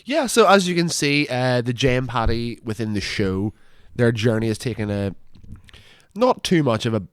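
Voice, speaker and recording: A Northern Irish man co-hosting, making wry deadpan asides about his own comedy sketches. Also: medium pitch, normal speed, clear, resonant tone, no room sound, clean studio sound. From Northern Ireland. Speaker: co-host, comedy writer. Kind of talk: commentary on their own sketches.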